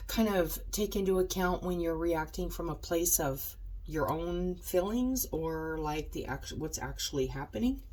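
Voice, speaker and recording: A woman's voice: on the low side, a little slow, few pauses, darkish tone. A woman doing a casual tarot reading with a stuffed-up, nasal voice, rambling with many ums and likes. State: stuffed-up nose. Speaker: tarot reader.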